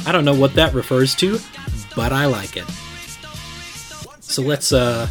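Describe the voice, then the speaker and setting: A man's voice: mid-range voice, unhurried, pauses often, soft background music. A man hosting a casual gaming podcast, playing it up like a sports announcer. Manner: playful mock sports-announcer delivery. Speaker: podcast host.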